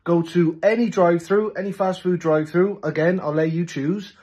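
A man's voice: high voice, fairly even intonation, moderate pace, a little mellow, slightly rough. A man leaving a laid-back, casual video message with a challenge. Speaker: comedy sketch creator.

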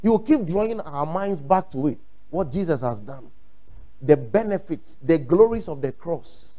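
A man's voice: fairly high pitch, lively intonation, moderate pace, warm tone, highs cut off. A man with a Ghanaian English accent preaching a sermon, emphatic and repeating his points, acting out quotes. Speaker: pastor.

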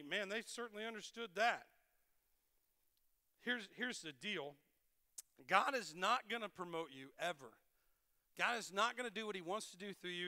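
A middle-aged man, a pastor, preaching a sermon with animated storytelling and playful self-deprecating humor. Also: high voice, long reverb tail. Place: large church hall.

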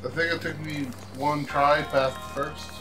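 A man's voice: a little high, little pitch movement, measured pace. A man commenting on a let's play, teasing his friends and offering tips on the game. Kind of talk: casual gaming chat. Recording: game music in the background.

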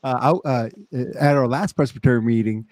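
A man's voice: medium pitch, fairly quick, a little mellow, a little hiss or hum. A man hosting a casual chat as a pastor, easygoing, asking open questions. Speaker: host pastor.

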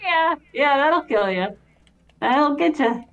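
A woman's voice: sits high, lively intonation, takes it slowly, muffled recording. A woman co-hosting a casual let's-play of retro games, chatty and easygoing, laughing often. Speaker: game co-host.

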